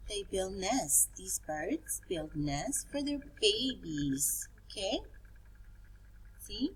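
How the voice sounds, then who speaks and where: A woman's voice: mid-range voice, lively intonation, very slow, husky, low-quality recording. A woman teaching preschool children, pointing things out in a sing-song, coaxing way.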